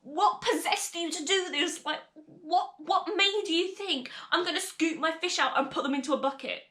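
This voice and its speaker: A woman's voice: extremely high pitch, normal speed, pushed and bright. A British young woman acting out her exasperated father scolding his young child in an incredulous tone. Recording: echoey room.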